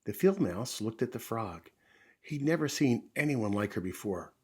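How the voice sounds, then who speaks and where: Gentle man reading a picture book aloud. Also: medium pitch, lively intonation, moderate pace, breathy edge. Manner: gentle, pointing things out to children. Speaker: children's story reader. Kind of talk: storytime read-aloud.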